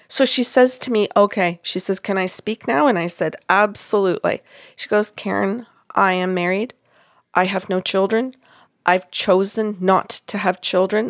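Woman, podcast host, animated storyteller, dry close sound. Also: mid-range voice, no room sound. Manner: animated, acts out quoted dialogue. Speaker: podcast host and psychic reader. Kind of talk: casual storytelling chat.

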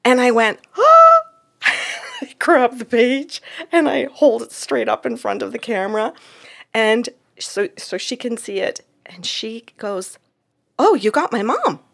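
A woman telling a story from a client session in a casual, animated way, acting out the voices in it and laughing often. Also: a little high, creaky.

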